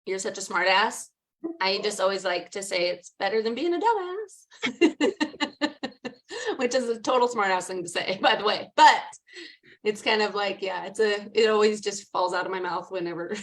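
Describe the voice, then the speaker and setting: A woman co-hosting a casual chat over a video call, making quick teasing remarks. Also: medium pitch. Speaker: podcast co-host.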